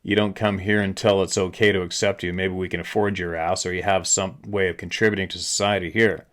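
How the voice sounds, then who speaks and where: A man's voice: low-pitched, flat delivery, a little fast, a bit bright. A middle-aged man from Canada, hosting his channel, delivering a frustrated, profane ranting monologue. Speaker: channel host.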